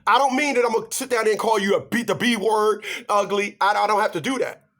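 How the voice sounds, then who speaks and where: A man giving relationship advice in an animated monologue, emphatic and stammering as he talks straight to his audience. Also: sits high, fast. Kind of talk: animated ranting monologue to viewers.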